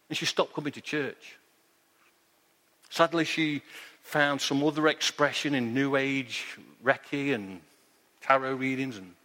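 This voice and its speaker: A man's voice: on the high side, sharp tone. Earnest preacher man in a reverberant hall. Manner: earnest storytelling, repeats his point. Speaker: pastor. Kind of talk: sermon.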